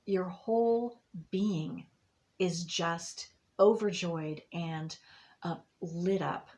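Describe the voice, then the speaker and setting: A woman's voice: fairly low pitch, a little mellow. A woman giving a monthly intuitive reading to her viewers, rambling and restarting with many fillers in a reassuring tone. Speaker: astrology and tarot reader.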